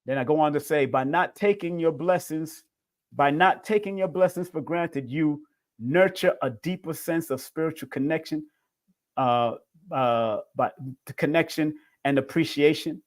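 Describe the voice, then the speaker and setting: A man's voice: fairly high pitch, normal speed. A middle-aged man hosting a livestream, giving an emotional, preachy spiritual talk and calling his viewers family. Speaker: livestream host.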